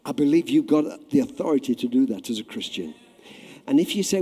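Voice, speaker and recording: Impassioned preacher in an echoey hall. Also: male voice, medium pitch, big pitch swings, a little fast, husky. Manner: impassioned, swings from shouting to hushed prayer. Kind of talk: sermon. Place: church hall.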